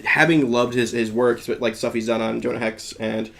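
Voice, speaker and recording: Gravelly-voiced man hosting a comics podcast. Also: medium pitch, little pitch movement, moderate pace, a crowd in the background. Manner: rambling, enthusiastic, restarts often. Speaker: podcast host. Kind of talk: casual chat.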